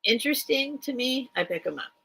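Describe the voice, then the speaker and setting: A woman's voice: sits high, lively intonation, fairly quick, gravelly, fairly bright tone, breathy edge, poor audio. A middle-aged woman hosting a casual live-stream sale from home, chatty and rambling with lots of ums. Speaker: online vintage seller.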